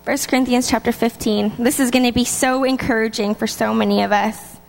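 A woman with a high, bright-sounding voice delivers a lively, chatty sermon. Her words carry a long reverb, as if spoken in a large church hall. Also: a little fast, creaky. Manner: lively, chatty, laughs between points. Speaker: preacher.

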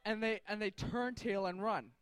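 A man's voice: sits high, steady tone, normal speed, a bit bright, clear, resonant tone, no echo. A man in a casual, jokey storytelling sermon, talking to a group with slang and fillers.

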